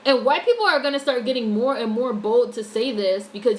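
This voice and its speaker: A woman's voice: a little high, a little fast, few pauses, a little hiss or hum, low-quality recording. An American woman giving blunt, opinionated casual commentary on a livestream, swearing freely as she reads and answers chat. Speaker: YouTube commentator reading chat.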